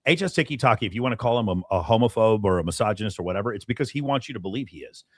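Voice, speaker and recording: Male podcast co-host, rapid and husky, sarcastic delivery. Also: on the low side, lively intonation, no room sound, clean studio sound. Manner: quick, sarcastic, mocking. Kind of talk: casual podcast discussion.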